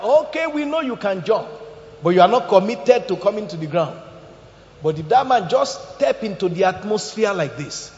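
A male pastor preaching with a high, very animated voice that leaps between loud, forceful bursts and hushed asides, with joking touches along the way. The sound rings with long reverb through a large church hall and is slightly dull and muffled. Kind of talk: sermon.

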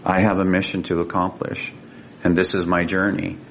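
An older man from California, a guest telling a personal story in an earnest, emotional way and slowing down for quoted speech. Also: completely flat delivery, gravelly, fairly bright tone. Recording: dull lo-fi sound with faint rumble.

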